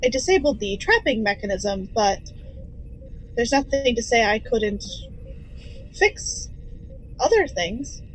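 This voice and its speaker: Woman doing an earnest android crewmate, careful and halting, highish voice. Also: expressive, a little hiss or hum, rough recording. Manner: careful, halting, thinks aloud. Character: earnest golden android crew officer. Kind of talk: tabletop role-play in character.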